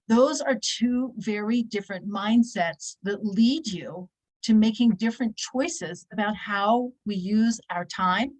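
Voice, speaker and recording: A woman teaches a weekly religious class in a lively, conversational way. Her voice sits in a middle pitch, and she repeats key phrases to drive them home. Now and then she slips into short quoted voices to act out a point. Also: rough recording. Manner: animated, acts out little quoted voices.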